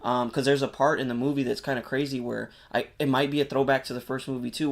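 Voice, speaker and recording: With a gravelly, mid-range voice, a man co-hosting a podcast enthusiastically retells a film story. The chat is casual and meandering, loaded with filler words and cussing.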